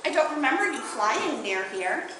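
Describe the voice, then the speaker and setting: A woman's voice: high voice, big pitch swings, normal speed, very noisy. A woman voicing a well-mannered, curious little girl who speaks earnestly, in a very echoey hall.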